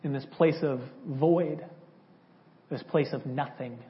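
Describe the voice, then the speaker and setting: A man tells his testimony to a church in a loose, conversational way, slipping into the voices of the people in his story. His voice sits a little high for a man. The recording is somewhat dull and lo-fi. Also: steady tone, slow pace. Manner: conversational, acts out dialogue from memory. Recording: slightly dull lo-fi audio.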